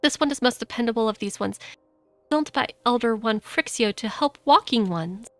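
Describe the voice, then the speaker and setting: A woman's voice: fairly high pitch, animated, moderate pace, dry recording, faint music behind. A woman voicing a small friendly sylph creature from a video game who speaks of itself as 'this one'. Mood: earnest.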